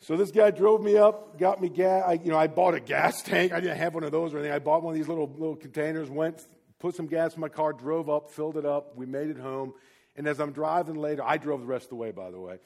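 A man preaching a sermon, telling a personal story with big swings between loud, emphatic peaks and quiet asides. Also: on the high side, quick pace, creaky. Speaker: pastor.

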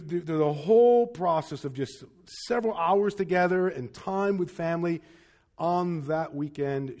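High-voiced man telling a personal story. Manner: earnest, personal, self-deprecating humor. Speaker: pastor. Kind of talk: sermon storytelling.

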